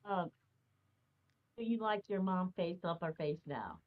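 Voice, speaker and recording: A woman from Missouri, blunt and deadpan, judging a livestream contest. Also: lowish voice, a little slow. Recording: dull lo-fi mic.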